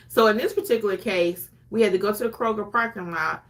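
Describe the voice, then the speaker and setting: Talking to camera in a relaxed, conversational lesson, this female notary educator and YouTube host plays out her clients' lines as she goes. She speaks at a medium pitch, animated and fairly quick, barely pausing.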